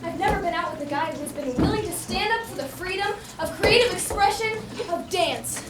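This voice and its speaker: A woman's voice: very high voice, lively intonation, fairly quick, a loud crowd, heavy background noise. A teenage girl acting a smitten young woman on a date, earnest and rambling, in a live school comedy. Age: teens. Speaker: student actor. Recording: echoey school hall from far off, live audience.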